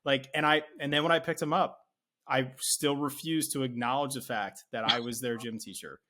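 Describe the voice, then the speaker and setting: A man's voice: medium pitch, steady tone, moderate pace, bright, forceful tone. A man hosting a casual interview podcast, friendly and anecdotal, often laughing as he talks. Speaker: podcast host, teacher.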